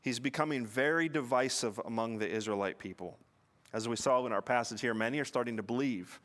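A man preaching a sermon in an earnest teaching manner, often repeating words and slowing down to stress a point. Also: mid-range voice, a bit bright. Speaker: pastor.

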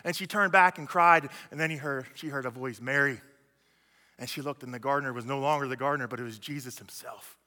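Bright-voiced young preacher in a big hall. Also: male voice, mid-range voice, quick pace. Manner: storytelling, with casual slang and frequent restarts. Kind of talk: sermon. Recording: long hall reverb.

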